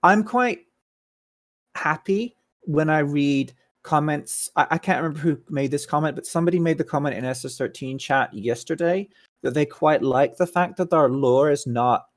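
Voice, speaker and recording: A man's voice: on the high side, normal speed. A staff member in an online meeting, speaking emphatically and repeating his main point. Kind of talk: casual voice-chat meeting.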